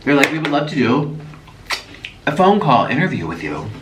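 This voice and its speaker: A man vlogging as he eats, chatty and animated, breaking off with sudden gasps and exclamations. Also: medium pitch, normal speed. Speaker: mukbang vlogger. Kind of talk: casual chat while eating. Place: echoey room at home. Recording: echoey room, voice from a distance, faint noise.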